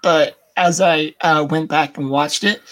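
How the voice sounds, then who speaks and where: An American man, a guest on a casual podcast chat, talking in a hesitant, halting way. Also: on the high side, steady tone, a bit bright. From United States.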